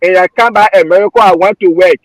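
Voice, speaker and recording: A man's voice: high-pitched, fast, no room sound, low-quality recording. A man with a Liberian accent giving passionate, emotional political commentary, repeating himself as he argues. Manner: emotional, repetitive, heated.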